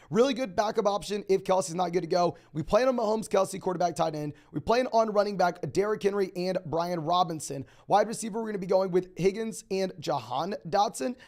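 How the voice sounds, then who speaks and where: A young man hosting a live stream, answering viewer questions in a rapid, auctioneer-like delivery. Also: high voice, creaky, darkish tone. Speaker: fantasy football host.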